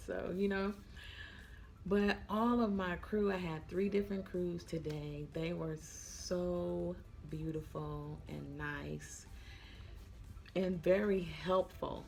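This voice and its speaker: Young woman vlogger, slow and chatty, sleepy and yawning, a little low-voiced. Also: gravelly, darkish tone. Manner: chatty, addresses viewers as y'all, yawning. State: tired, yawning. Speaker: vlogger, flight attendant. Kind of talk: casual chat to camera.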